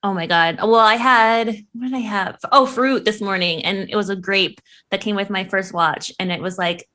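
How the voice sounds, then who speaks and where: A young woman chatting casually with a friend, animated and quick to laugh, swearing freely. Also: mid-range voice. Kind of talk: casual chat.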